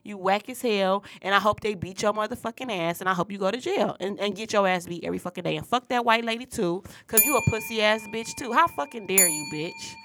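A woman's voice: mid-range voice, a little fast, few pauses, fairly bright tone. A woman, a parent, co-hosting a casual podcast, ranting angrily with heavy profanity. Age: adult parent. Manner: angry, profanity-laden ranting. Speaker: podcast co-host.

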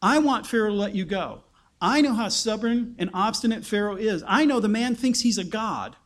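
A man voicing God as a calm, all-knowing male deity speaking in a steady, matter-of-fact way. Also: high-pitched, normal speed. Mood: resolute.

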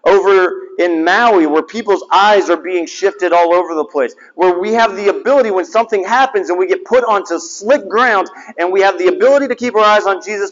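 A middle-aged man, a chaplain, preaching a conversational sermon that swings between lively emphasis and hushed asides. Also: sits high. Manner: animated, conversational preaching with sudden drops to a hushed voice. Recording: dull, slightly lo-fi sound with long hall reverb.

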